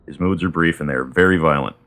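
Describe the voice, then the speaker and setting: A man reading the part of Athena, a patient, wise goddess, in a soothing, measured way. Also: very deep voice, fairly bright tone.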